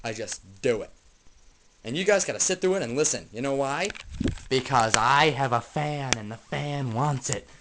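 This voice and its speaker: A man's voice: medium pitch, moderate pace, background noise. Rambling young guy ranting for laughs. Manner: rambling, jokey, swings between mumbling and yelling. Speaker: vlogger. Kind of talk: improvised comic rant.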